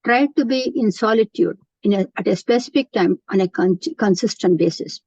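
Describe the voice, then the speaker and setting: Woman, spiritual lecture, earnest, explanatory, mid pitch, muffled dry sound. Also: normal speed, a little mellow, dry recording. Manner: earnest, explanatory, with frequent restarts. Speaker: Gita teacher. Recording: dull, dry lo-fi recording.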